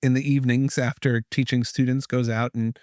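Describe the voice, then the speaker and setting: A man's voice: mid-range voice, little pitch movement, a little fast, darkish tone, no room sound. Rambling male podcast host, dry sound. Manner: rambling, restarts, many fillers. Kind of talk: casual chat about tabletop gaming.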